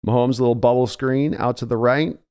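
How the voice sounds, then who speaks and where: A man in his early morning voice calls a game play by play like a fan. His tone is smooth and resonant, sitting at an ordinary pitch. He stays chatty between snaps and lifts when a runner breaks loose. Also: steady tone, brisk, darkish tone. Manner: conversational, climbs in pitch and energy on big plays. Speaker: live reaction host.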